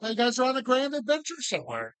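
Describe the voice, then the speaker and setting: A man's voice: extremely high pitch, huge pitch swings, fast, fairly bright tone. A man hosting bingo night at a bar, calling numbers and joking with the crowd in a sarcastic, loose, profane way. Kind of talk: casual live hosting with banter. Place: bar, live event.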